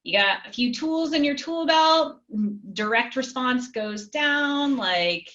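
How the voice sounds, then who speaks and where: A woman's voice: high voice, lively intonation, slow pace, sharp tone, dull audio. A woman guest on a podcast, chatty and easy-laughing, talking through her work with casual fillers. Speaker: guest, marketing director. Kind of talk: casual interview.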